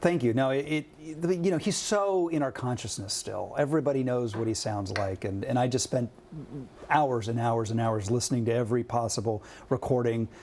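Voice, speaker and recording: A man's voice: medium pitch, moderate pace, a little mellow, a little hiss or hum. Male actor guest, 40s, from Ohio, wry and self-deprecating. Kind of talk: TV interview.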